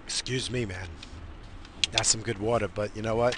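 A man's voice: on the low side, steady tone, normal speed, noisy background. A man from the United States hosting a show, ranting in a profane, rambling, fired-up way from inside a car. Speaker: radio show host. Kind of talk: profane casual rant.

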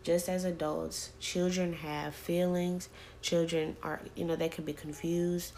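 A woman's voice: fairly low pitch, flat delivery, a little slow, darkish tone, slight background noise. A woman hosting a parenting podcast, talking in a casual, chatty rant with many fillers and repeated words. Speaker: podcast host.

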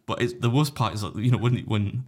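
A man spins a story at a quick clip, his voice sitting fairly low. He slips into other people's voices and laughs as he goes, swearing freely in relaxed podcast chat. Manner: animated anecdote-telling, acts out other voices, swears freely, laughs often. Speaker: podcast guest, competitive eater.

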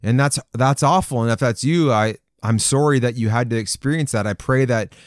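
A man's voice: medium pitch, brisk, no echo, clean studio sound. A man preaching on a podcast to other men, reading scripture and repeating its promises with fervent, building emphasis. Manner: fervent, repetitive, rising emphasis on quoted promises.

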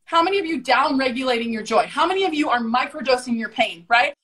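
Woman, high-pitched, swearing constantly, acting out quotes in different voices. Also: expressive, fast, a bit bright, rough recording. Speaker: podcast guest. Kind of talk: profane storytelling.

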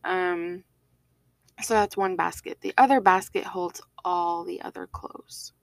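Woman co-host, casual chatter, gravelly edge, dry close mic. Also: lowish voice, fairly even intonation, a little slow, dry recording. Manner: chatty, laughs often, many fillers. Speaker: podcast co-host. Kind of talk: casual chat.

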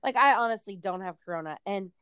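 A young adult woman co-hosting a podcast in casual chat, chatty and quick to laugh. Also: mid-range voice, lively intonation, sharp tone, clear, resonant tone, no echo, clean studio sound. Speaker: podcast co-host.

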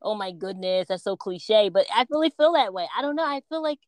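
A woman co-hosting a podcast in casual chat, telling stories with lively self-quotes. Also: medium pitch, a little fast, no room sound. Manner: animated storytelling, quotes herself and others. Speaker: podcast co-host.

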